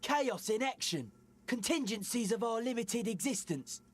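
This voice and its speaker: A philosophical young raver. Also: female voice, on the high side, measured pace, breathy edge. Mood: musing. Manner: philosophical, calm.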